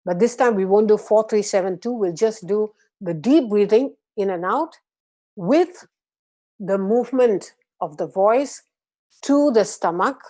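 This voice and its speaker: A woman from Malaysia guiding a group through a gentle voice and breathing exercise, patient and encouraging. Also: mid-range voice, unhurried. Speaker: voice and meditation instructor. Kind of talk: guided voice exercise class.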